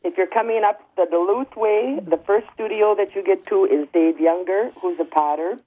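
A man on a tinny phone line into a radio studio, his voice pitched a little high. He chats casually and lists things with plenty of ums and uhs, his voice still groggy from the morning. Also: moderate pace. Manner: chatty, listing with many ums and uhs. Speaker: potter, phone-in guest. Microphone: telephone.

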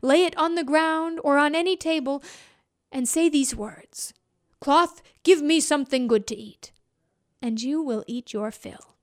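A woman voicing the wild spring wind as a grand male spirit who speaks slowly and deliberately. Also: high-pitched. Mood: explaining.

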